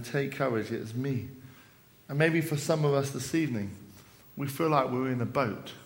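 A man giving an evening sermon at a church service, retelling a story with dramatic rises and falls and quoted lines. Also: medium pitch. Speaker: preacher.

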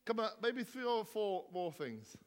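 A man's voice: high-pitched, very animated, unhurried. A male vicar, joking and teasing as he quizzes his congregation. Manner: jokey, teasing, bouncy questions to the crowd. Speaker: vicar leading a church gathering. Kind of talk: playful banter with the congregation. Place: church hall. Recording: echoey hall reverb.

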